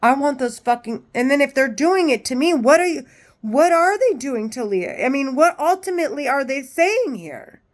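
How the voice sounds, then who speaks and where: A woman with a fairly high voice talks straight into her camera in a loose, rambling vlog. She is agitated and swears constantly, circling back and restarting her sentences. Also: lively intonation, normal speed. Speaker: vlogger. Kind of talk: casual rambling monologue.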